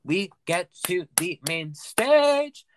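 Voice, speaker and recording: A man hosting a solo recap podcast, talking in a campy, chatty way that swings between loud gushing and mumbled asides. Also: sits high, very animated, drawn-out words, slight background noise. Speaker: podcast host.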